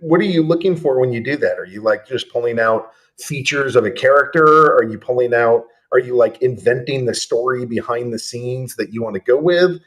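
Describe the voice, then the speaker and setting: A man's voice: mid-range voice, normal speed, hardly any pauses, fairly bright tone. A man hosting an interview, asking loose, rambling questions and making jokes along the way. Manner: rambling, joking questions, restarts. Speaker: interview host. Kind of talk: casual interview chat.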